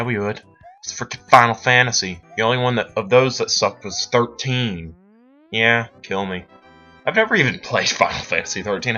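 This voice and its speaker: Brief: late-teen boy, lowish voice with a bright edge, rambling self-mocking game commentary. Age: late teens. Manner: rambling, self-deprecating chatter. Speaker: let's play host. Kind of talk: gameplay commentary. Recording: dull lo-fi sound. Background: faint game music.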